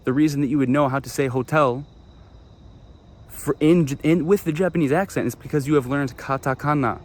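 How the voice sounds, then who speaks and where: A man's voice: a little high, a little fast, a little mellow. A young man giving casual travel advice straight to camera, blunt and emphatic, swearing freely and repeating his promises.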